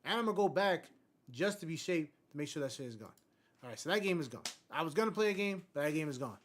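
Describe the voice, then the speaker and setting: A man's voice: fairly high pitch, lively intonation, fast talker. Brash, profane young male game streamer. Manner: brash, profane, jokey, swings from mutters to outbursts. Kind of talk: casual live-stream commentary.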